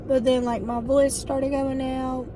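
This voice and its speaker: A young woman, chatting casually to camera, her voice hoarse and winded from bronchitis. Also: high-pitched, little pitch movement, background noise. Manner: chatty, storytelling, quick asides. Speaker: vlogger.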